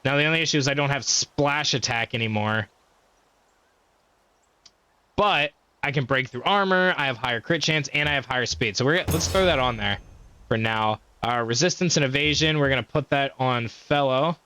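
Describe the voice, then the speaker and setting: A man's voice: medium pitch, fairly quick, pushed and bright, a little hiss or hum. A young man casually commentating his own gameplay, swearing often and trash-talking enemies. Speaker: gaming streamer. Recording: faint background game music.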